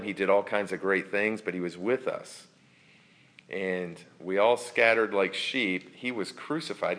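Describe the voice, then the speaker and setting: Deep-voiced man preaching a sermon. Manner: earnest, reflective, drops to soft near-whispers for emphasis. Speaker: pastor.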